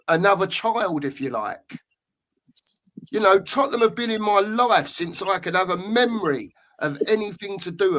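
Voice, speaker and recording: Fifties man, high-pitched host ranting hard about his club. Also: a bit bright. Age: 50s. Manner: passionate, ranting, swearing. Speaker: show host. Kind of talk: livestream fan chat.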